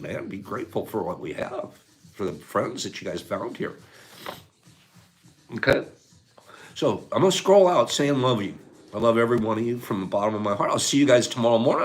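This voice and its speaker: Emotional older man hosting a stream. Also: fairly low pitch. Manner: tearful and soft, then loud and excited. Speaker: livestream host. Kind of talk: emotional morning livestream chat.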